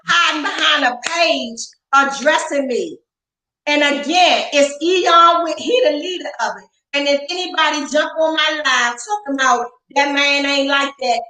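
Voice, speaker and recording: A woman's voice: sits high, pushed and bright. A woman speaking as an interview guest, ranting in a heated, profane, confrontational way with lots of emphasis. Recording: roomy echo.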